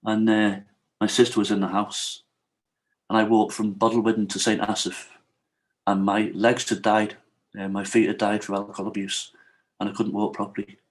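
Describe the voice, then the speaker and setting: A man's voice: lowish voice, little pitch movement, normal speed. A middle-aged man, a podcast guest telling his own hard story frankly and with feeling, often checking in with "you know what I mean?". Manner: frank and emotional, retells what others said to him. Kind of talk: candid personal storytelling in an interview.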